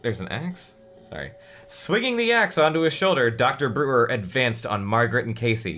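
A man's voice: medium pitch, very animated, normal speed, bright, forceful tone. A man co-hosting a comedy podcast, reading a book aloud with playful banter. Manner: playful, jokey, puts on voices.

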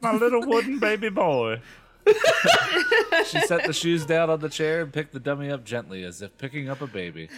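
Lively man reading a book aloud. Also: on the high side, fairly quick, very noisy. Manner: reads dialogue animatedly, breaks into laughter. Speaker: podcast co-host reading aloud. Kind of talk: comedic book reading with asides.

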